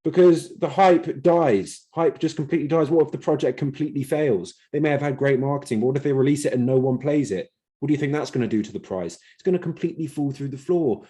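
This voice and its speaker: A man's voice: mid-range voice, dark tone. A man hosting an investing channel, explaining a point to camera emphatically and repeating words for stress. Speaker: crypto channel host.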